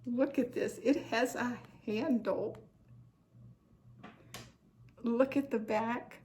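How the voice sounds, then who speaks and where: A woman's voice: a little high, fairly even intonation, slow pace, a little mellow, slight background noise. A woman hosting a cross-stitch vlog, chatting in an effusive, heartfelt way about gifts she received. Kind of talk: casual chat showing happy mail.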